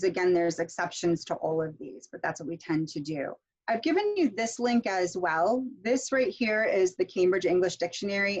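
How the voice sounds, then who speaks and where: A middle-aged woman leads an online pronunciation workshop, her voice a little low for a woman. She talks in a chatty way, with many fillers and restarts as she explains. The sound is muffled lo-fi video call audio. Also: darkish tone. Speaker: pronunciation instructor.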